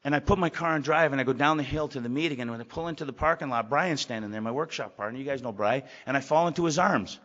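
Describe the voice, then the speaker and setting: A man's voice: mid-range voice, fast talker, few pauses, fairly bright tone. Rambling man in a lo-fi hall. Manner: rambling, candid, repeats words. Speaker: speaker at a recovery meeting. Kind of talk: personal testimony talk. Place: meeting hall. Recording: lo-fi hall recording.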